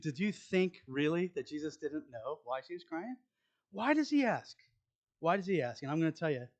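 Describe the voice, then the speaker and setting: A man preaching a conversational sermon as pastor, asking the congregation questions and dropping into soft asides. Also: a little high. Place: church sanctuary.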